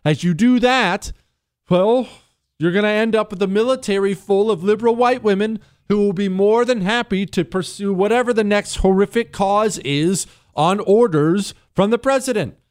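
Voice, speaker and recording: A man's voice: high voice, normal speed, clear, resonant tone, dry recording. A man hosting a talk radio show, delivering a mocking monologue full of rhetorical questions into a close studio mic.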